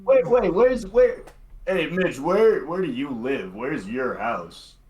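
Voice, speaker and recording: A man's voice: a little high, expressive, takes it slowly, highs cut off. Man asking eager questions in play. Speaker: player. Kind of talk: in-character tabletop role-play.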